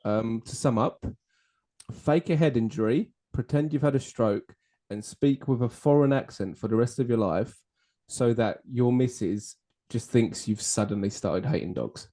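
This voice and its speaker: Male podcast host, jokey rambling banter, mellow timbre. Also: medium pitch, normal speed. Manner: jokey, rambling, laughs at own jokes. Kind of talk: casual banter over drinks.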